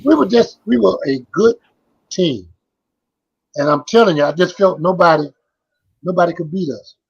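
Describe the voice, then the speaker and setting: High-pitched, creaky, and slightly rough at a moderate pace, this older ex-basketball player recounts stories in a relaxed interview with dull audio. He wanders, repeats himself, and lets sentences trail off.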